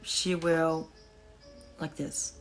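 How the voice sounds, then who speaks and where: Tired, slow-talking woman livestreaming. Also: low-pitched, little pitch movement, faint music behind, rough recording. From Australia. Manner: slow, breathy pauses, thanking viewers. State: tired, resting her voice. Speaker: livestream host. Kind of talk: casual live-stream chat.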